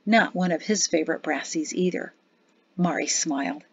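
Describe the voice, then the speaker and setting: A woman's voice: on the low side, normal speed, husky, no room sound. Woman narrating an audiobook, dry sound. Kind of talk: scripted narration. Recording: slightly dull dry studio recording.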